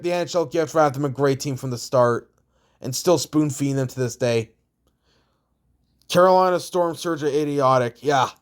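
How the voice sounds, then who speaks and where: A young man from Canada speaks in a slightly higher register as he rambles through his opinions. He is blunt and swears freely, with plenty of restarts along the way. The delivery stays casual and conversational throughout. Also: darkish tone. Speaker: hockey vlogger.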